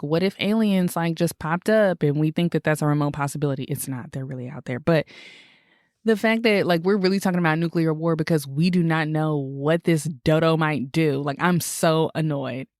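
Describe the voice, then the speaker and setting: A woman co-hosting a casual podcast, talking in exasperated, animated rants with swearing. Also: sits low, normal speed, no echo, studio quality. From Michigan, USA. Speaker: podcast co-host.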